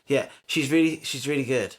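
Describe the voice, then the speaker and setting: A playful male podcast co-host who teases his partner and drifts into sing-song repeats. His voice sits at a middle pitch for a man, relaxed and conversational. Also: brisk. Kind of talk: casual chat.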